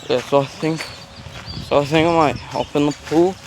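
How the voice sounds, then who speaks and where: Filming outdoors at a zoo on a handheld phone camera, a man with a fairly high-pitched voice talks at normal speed in a steady tone. The casual walking vlog has faint background noise, and his chatter rambles along with self-aware remarks and filler words.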